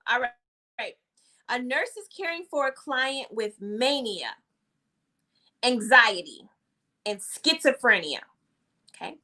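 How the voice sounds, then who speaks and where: A woman's voice: fairly high pitch, sharp tone. A woman tutoring nurses in a live-streamed exam review class, chatting with viewers and repeating each question.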